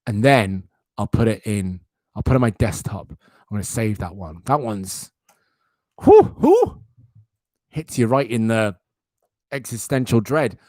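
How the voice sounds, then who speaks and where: A young man hosting a casual live stream, chatting and reacting with loud, silly outbursts. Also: lowish voice, moderate pace, dry recording, clean studio sound. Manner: animated, jumps into loud silly exclamations. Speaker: livestream host.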